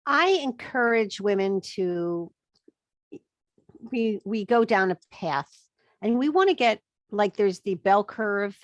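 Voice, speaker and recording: A woman's voice: mid-range voice, animated, slow pace, long pauses, dry recording, muffled recording. Emphatic woman, dry close sound. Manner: emphatic, acts out quoted thoughts. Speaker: guest expert on chronic illness. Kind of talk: podcast interview.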